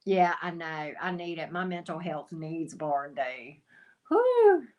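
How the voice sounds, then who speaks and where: A woman's voice: sits low, unhurried. Chatty woman greeting her viewers. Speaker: tarot reader and channel host. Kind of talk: casual livestream chat with viewers.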